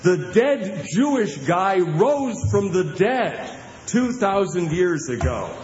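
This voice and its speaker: A man's voice: high-pitched, very animated, slow pace, darkish tone. A man preaching a sermon, emphatic and insistent, with vivid images. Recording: muffled sermon clip in a roomy hall with faint noise.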